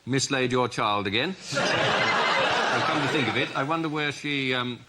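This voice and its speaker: A man's voice: mid-range voice, unhurried, very noisy, lightly acted. A man putting on a bumbling, stammering prime minister. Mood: flustered. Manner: flustered, stammering, laughing. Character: bumbling posh British male prime minister.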